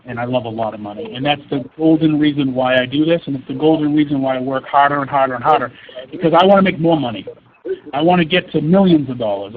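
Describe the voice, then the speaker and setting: Blunt man on a tinny phone line. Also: medium pitch. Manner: blunt, repeats words, frank about money. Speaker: car salesman guest. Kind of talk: casual interview on a webinar. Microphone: phone call.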